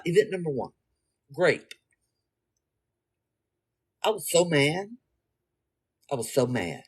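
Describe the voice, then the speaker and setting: A woman with a lowish, breathy voice vlogs casually to camera, blunt and profane, acting out her own reactions as she talks.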